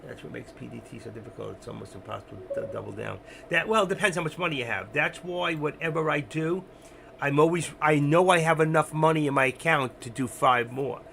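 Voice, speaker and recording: A man hosting a trading livestream in a loose, rambling, self-mocking way, often turning to speak directly to viewers. His voice is gravelly and bright, with a faint noise underneath. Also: fairly high pitch. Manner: rambling, self-deprecating, talks straight to viewers. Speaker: options trading livestream host. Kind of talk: casual livestream commentary.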